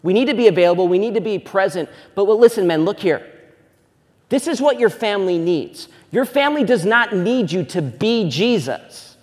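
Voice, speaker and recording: High-voiced pastor preaching in a hall. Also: male voice, expressive, moderate pace. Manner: swings between loud preaching and hushed storytelling. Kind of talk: sermon. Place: church sanctuary.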